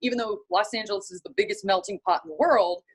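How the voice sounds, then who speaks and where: A woman's voice: mid-range voice, fast, husky. A middle-aged woman from North Carolina with a Southern accent, a television writer and presenter telling stories as an interview guest and acting out the people she quotes. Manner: animated storyteller acting out quoted voices. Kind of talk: casual interview storytelling.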